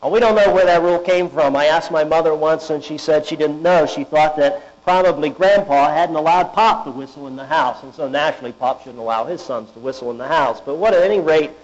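Here a high-voiced man gives a sermon, emphatic and deliberate, often turning to rhetorical questions. Beneath the dull, lo-fi sound runs a steady mains hum.

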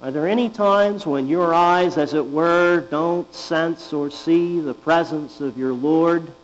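A man preaches in a high voice, deliberate and emphatic, leaning on rhetorical questions. The recording is dull and lo-fi. A mains hum runs underneath. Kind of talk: sermon.

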